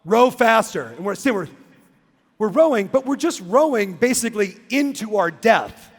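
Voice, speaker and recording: A man giving an animated keynote talk in a big conference hall, acting out a story and breaking into shouts. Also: high voice, moderate pace, breathy edge. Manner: excitable, acts out the scene and shouts. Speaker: real estate coach and keynote speaker. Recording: long reverb in a big hall.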